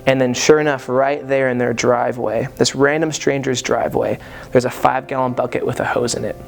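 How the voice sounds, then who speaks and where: A man telling the story of his own crash as a personal testimony, hesitant and full of pauses. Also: mid-range voice, steady tone, creaky.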